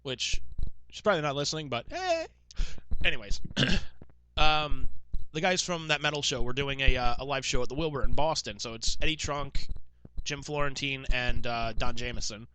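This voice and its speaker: A man co-hosting a casual podcast, telling stories with lots of laughter, throat clearing and quoted voices. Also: medium pitch, animated, normal speed, bright, forceful tone. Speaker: podcast co-host. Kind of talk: casual chat.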